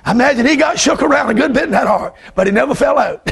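Preacher guy, high gravelly voice, shouting fired-up sermon. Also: lively intonation, rapid-fire, few pauses, some chatter behind. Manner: fervent, shouting, repetitive calls. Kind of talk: revival sermon.

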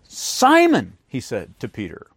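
Animated male preacher, lively pitch. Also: moderate pace, no echo, clean studio sound. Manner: animated preaching, acts out the voices in his stories. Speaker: pastor. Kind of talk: sermon.

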